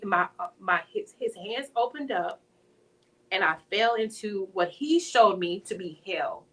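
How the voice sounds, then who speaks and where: In a conversational interview, an author guest tells an emotional story about her personal faith, her medium-pitched voice captured from afar at a measured pace. Her telling is animated and carries the feel of testimony.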